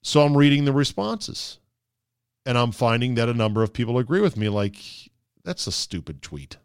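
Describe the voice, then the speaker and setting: Sarcastic podcast guy ranting solo, smooth voice, dry studio sound. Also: medium pitch, normal speed, dry recording. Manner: sarcastic, animated, swings into mocking voices. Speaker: podcast host. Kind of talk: casual monologue.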